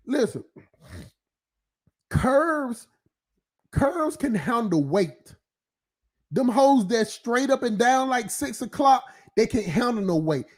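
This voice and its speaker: Stream host, male, high-pitched, loose profane ranting monologue, laughs a lot, heavy filler.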